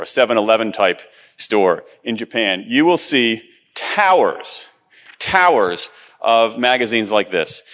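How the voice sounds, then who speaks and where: A man's voice: mid-range voice, a bit bright, big-room sound. A middle-aged man giving a chatty, self-deprecating live conference talk, with many ums and restarts. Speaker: conference speaker.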